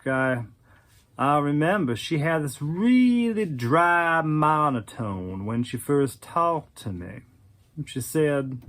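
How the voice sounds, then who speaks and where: Brief: slow, halting man narrating a memory for an oral history. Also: medium pitch, slight background noise. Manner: halting, with restarts. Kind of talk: recounted personal memory.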